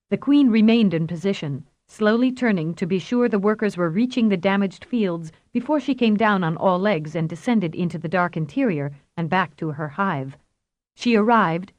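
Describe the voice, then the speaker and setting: A woman narrating a science fiction audiobook in a steady, even reading voice. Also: fairly low pitch. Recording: roomy echo.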